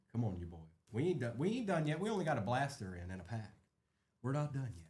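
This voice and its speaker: Host, male, animated casual delivery with lots of rise and fall, live card-break commentary. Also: medium pitch, a little fast, a little hiss or hum. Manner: lively, chatty, rattling off names.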